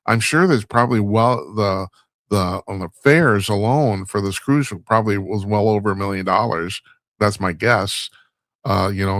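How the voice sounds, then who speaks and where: A man's voice: on the low side, a bit bright, no echo. A man hosting a talk show, delivering a rambling, wry monologue and laughing at his own stumbles. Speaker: radio talk show host. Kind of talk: casual monologue commentary.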